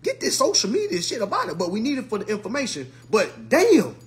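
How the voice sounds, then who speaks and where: A man's voice: sits high, huge pitch swings, fast talker. A man in a profane, mocking monologue to his followers, using blunt slang and repeating his retorts. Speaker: social media commentator.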